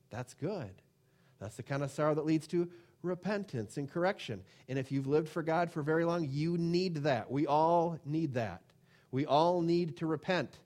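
Guy preaching, earnest and chatty, bit higher voice than most, lots of "you know". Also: moderate pace, a little mellow. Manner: earnest, conversational preaching with frequent fillers. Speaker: pastor. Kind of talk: sermon.

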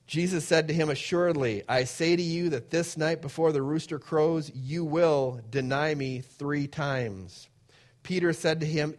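A man's voice: a little high, fairly even intonation, moderate pace. A man preaching a sermon, reading scripture verses aloud and then explaining them in plain conversational asides.

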